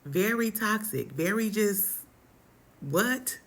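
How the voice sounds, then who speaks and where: A young adult woman telling a personal story in a casual, animated, dramatic way, full of slang. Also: medium pitch, slow.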